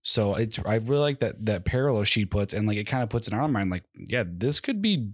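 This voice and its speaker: A man's voice: lowish voice, expressive, a little fast, no room sound, clean studio sound. A man co-hosting a podcast in casual chat, rambling with many fillers. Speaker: podcast co-host.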